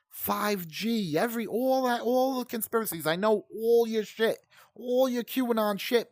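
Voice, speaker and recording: A middle-aged Brooklyn man hosts a gaming channel, ranting heatedly in profane, rambling commentary over gameplay. His voice is very high, a little slow and a little mellow. The clean studio recording has no room sound.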